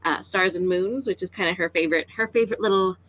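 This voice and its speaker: A woman's voice: lowish voice, fast talker, fairly bright tone. A woman player in a tabletop role-play game, describing her character with many fillers and restarts.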